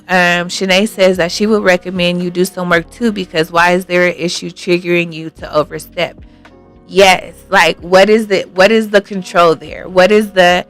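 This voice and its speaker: A woman's voice: fairly low pitch, fairly bright tone. A woman hosting an advice show, talking casually and reading out viewer comments. She speaks earnestly and thinks aloud with lots of fillers.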